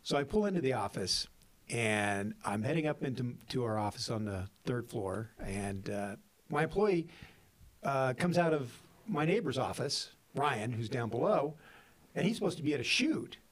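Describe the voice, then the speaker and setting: A man casually telling funny work stories on a podcast, acting out what people said. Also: normal speed. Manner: animated, acts out quotes with big pitch jumps and laughs. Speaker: podcast co-host, filmmaker. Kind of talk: casual storytelling chat.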